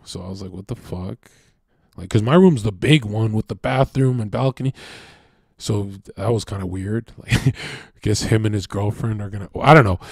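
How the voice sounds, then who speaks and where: A young man from Canada, a streamer, talking in a rambling, profane casual monologue that swings between loud bursts and low mutters. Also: no room sound, studio quality.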